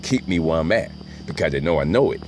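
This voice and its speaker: A man's voice: very deep voice, lively intonation, fast talker. A middle-aged man telling a rambling, profane story and often asking "right?". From Brooklyn, New York.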